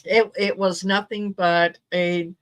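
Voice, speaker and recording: Slow-speaking woman tarot reader. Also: on the low side, flat delivery, fairly bright tone. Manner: unhurried, repeats words as she thinks. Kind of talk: casual livestream chat.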